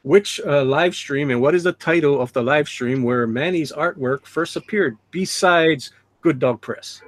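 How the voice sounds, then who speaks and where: Hosting a casual live drawing stream, this middle-aged man reads viewers' chat out loud and laughs a lot. He speaks at a measured pace in a fairly high voice, with no room sound in the recording.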